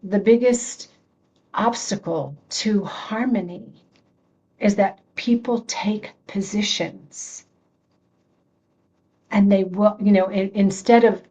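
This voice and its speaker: A woman reverend leads an online prayer circle in a slow, mellow, somewhat breathy voice of medium pitch, pausing often. Her spiritual talk is informal and conversational: she restarts phrases, laughs a lot, and reads and answers viewers' chat comments.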